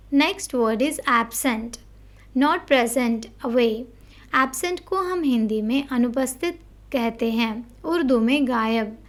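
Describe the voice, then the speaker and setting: A woman teaching English vocabulary in a measured, explanatory way, reading out definitions and example sentences. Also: high-pitched. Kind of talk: instructional word-by-word lesson.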